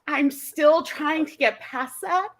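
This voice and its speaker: A woman's voice: high-pitched, takes it slowly. Bubbly woman guest author. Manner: bubbly, emphatic. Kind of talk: casual chat.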